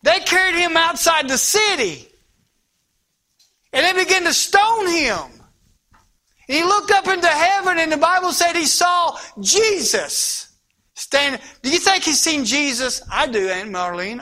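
A man preaching a sermon with passion, shifting between loud, urgent lines and hushed, near-whispered ones. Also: very high-pitched, lively intonation, measured pace. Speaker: pastor.

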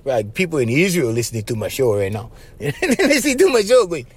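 A man with a Hawaiian Pidgin English accent, hosting a podcast and telling stories in a loose, animated way that is full of laughs. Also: fairly high pitch, fairly quick, breathy edge. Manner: animated, laughing often, acts out voices, says "right?" after phrases. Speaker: podcast host. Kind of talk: casual storytelling monologue.

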